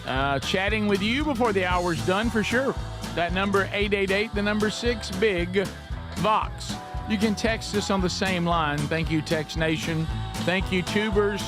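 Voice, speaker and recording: A man hosting a live talk show, chatting in a folksy, animated way. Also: sits high, measured pace, over music.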